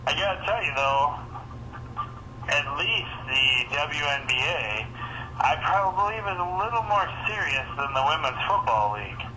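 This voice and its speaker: A man's voice: a little high, lively intonation, moderate pace. Playful man in a noisy recording. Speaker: co-host of a sports picks show. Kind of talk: casual sports picks chat.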